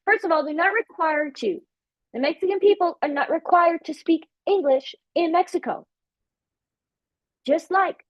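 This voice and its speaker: A woman teaching on prophetic ministry, emphatic and animated, repeating her key phrases. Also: very high voice, no room sound. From Africa. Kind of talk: preaching teaching session. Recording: dull lo-fi sound.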